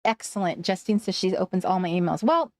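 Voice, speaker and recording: This studio-quality, dry recording captures a woman with a lowish, darkish voice speaking expressively and a little fast. She's hosting a casual craft livestream from Washington State, reading viewer comments, laughing often, and trailing off mid-sentence.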